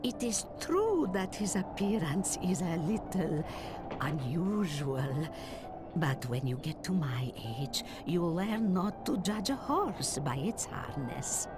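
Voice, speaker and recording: A man voicing a kindly old mountain woman who grows herbs, speaking gently. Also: sits high, sing-song, voice pushed up, full character voice. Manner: slow, gentle, grandmotherly. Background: game music.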